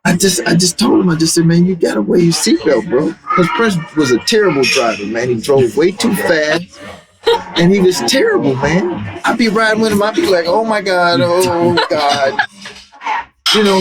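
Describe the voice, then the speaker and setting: A middle-aged man telling stories in a relaxed, animated way as an interview guest, with many "man" fillers. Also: high-pitched, brisk, loud music behind the voice, low-quality recording. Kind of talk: casual storytelling.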